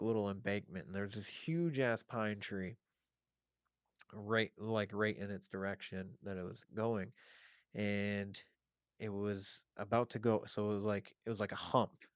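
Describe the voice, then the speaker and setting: Low-voiced man telling a wild story. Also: smooth, dry recording. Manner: animated, profane, rambling with fillers. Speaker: podcast guest. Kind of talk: casual storytelling.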